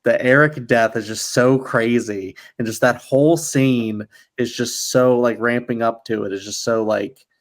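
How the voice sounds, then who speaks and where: A man's voice: mid-range voice, steady tone, unhurried. A man co-hosting a casual film podcast, rambling and hesitant, his talk full of fillers and restarts. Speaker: podcast co-host.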